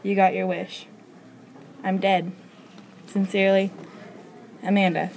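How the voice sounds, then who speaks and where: A woman reading a story aloud in a quick, plain way, with small stumbles now and then. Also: mid-range voice, little pitch movement, vocal fry, darkish tone, slight background noise, low-quality recording.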